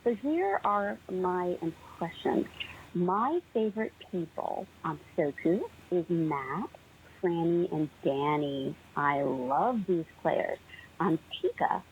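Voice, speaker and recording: A young woman calling in to a podcast, chatty and excited, laughing often, heard over a tinny phone line. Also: lowish voice, takes it slowly, a little hiss or hum. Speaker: podcast caller. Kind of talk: casual voicemail chat.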